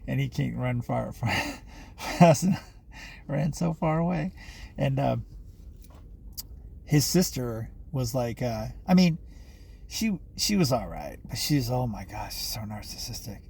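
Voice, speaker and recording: A man's voice: medium pitch, lively intonation, measured pace, gravelly, long pauses, darkish tone, slightly rough. A man talking to camera in a rambling personal monologue, full of fillers and restarts, swearing often.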